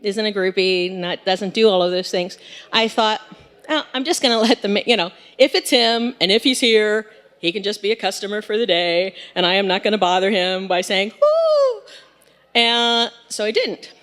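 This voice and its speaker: A woman in her forties telling a story live on stage, in a chatty, animated way with lots of fillers. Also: mid-range voice, normal speed, smooth. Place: stage in a hall. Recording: long hall reverb.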